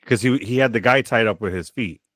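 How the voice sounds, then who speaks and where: A man's voice: lowish voice, brisk, fairly bright tone, dry recording. A man co-hosting a podcast, chiming in casually with short agreements and comments. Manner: short agreeing interjections, laid-back. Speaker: podcast co-host. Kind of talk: casual chat.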